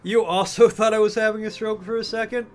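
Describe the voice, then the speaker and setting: A man's voice: sits high, steady tone, brisk. A man in his twenties streaming a game, casually chatting and thinking aloud with self-amused humor. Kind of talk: casual let's-play chat.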